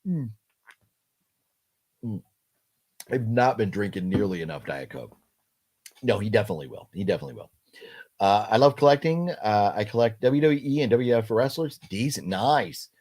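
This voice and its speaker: A middle-aged man hosting a casual livestream chat, talking haltingly with many fillers and restarts while he reads out viewer comments. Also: on the low side, lively intonation, a little mellow. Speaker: livestream host.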